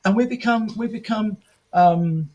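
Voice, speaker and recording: A man as a podcast guest, telling animated anecdotes, acting out quoted dialogue with frequent restarts. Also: sits high, unhurried, highs cut off. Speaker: podcast guest, martial arts film promoter and author. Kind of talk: casual podcast storytelling.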